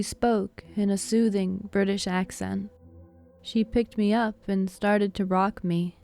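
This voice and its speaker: A woman narrates a spooky story in a slow, deliberate reading with little rise and fall in her voice. Her tone is dark and mellow and stays steady from line to line. Soft music plays faintly underneath. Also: mid-range voice, creaky. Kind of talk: scripted narration. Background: faint background music.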